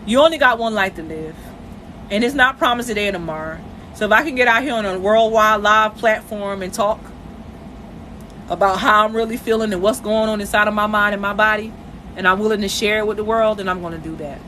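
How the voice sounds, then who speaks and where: Bright-voiced woman on a phone live stream. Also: mid-range voice, a little fast, slight background noise. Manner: emotional, conversational, addresses viewers directly. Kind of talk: casual live-stream monologue. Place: at home, in bed.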